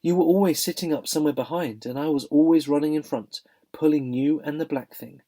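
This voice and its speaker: Bloke doing a dozy thoughtful horse, slow and a bit higher, soft warm tone. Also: male voice, close to an everyday voice. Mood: dreamy. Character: slow, puzzled old cab horse.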